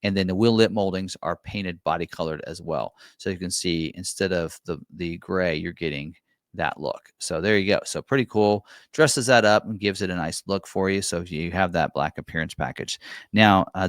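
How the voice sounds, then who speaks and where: A man's voice: deep voice, no echo, studio quality. A man from a car dealership casually walking through truck packages and prices, with lots of "um" and "for you". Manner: relaxed, filler-heavy, repeats "for you". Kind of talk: casual product walkthrough.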